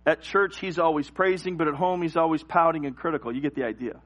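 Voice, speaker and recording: Animated storytelling preacher, man. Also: a little high, fast talker. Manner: animated storytelling, acts out scenes and cries. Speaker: pastor. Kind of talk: sermon with personal stories.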